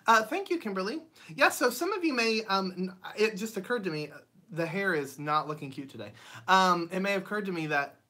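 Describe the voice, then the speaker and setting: With a medium-pitched, expressive voice and a slightly fast pace, a woman runs a casual livestream from her home studio. The host calls out viewers by name, reads their comments, and keeps up a chatty flow of ums and bright laughs.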